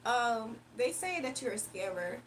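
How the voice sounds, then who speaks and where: A woman's voice: on the high side, sing-song, unhurried, fairly bright tone, a little hiss or hum. A woman hosting a casual livestream, reading chat comments aloud and laughing often. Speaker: livestream host.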